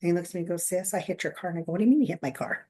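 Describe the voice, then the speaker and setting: A woman talks casually as a podcast co-host, spinning stories from her counseling work. She acts out other people's lines with lively changes of voice and breaks into laughter along the way. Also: lowish voice, racing. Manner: animated storyteller, acts out quotes, laughs often. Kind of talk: casual chat, storytelling.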